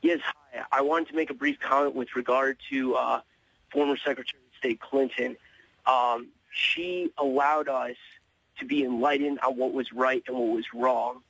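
A man calling in to a talk radio show, speaking in a hesitant, halting way. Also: medium pitch, steady tone, gravelly, fairly bright tone, slight background noise, low-quality recording. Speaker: caller.

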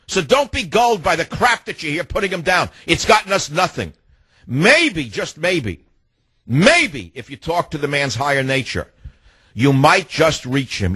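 A male talk radio host with a husky, slightly rough voice and a dry, close studio sound. He rants and mocks with a combative edge. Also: mid-range voice, big pitch swings, unhurried, fairly bright tone, no echo. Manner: ranting, scornful, mocking, cuts callers off.

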